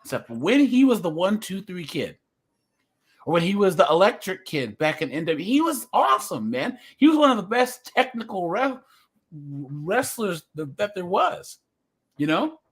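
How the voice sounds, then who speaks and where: A man's voice: high voice, big pitch swings, moderate pace, slightly rough. A man in a casual livestream chat, talking in an emphatic, rambling way and often checking in with "right?".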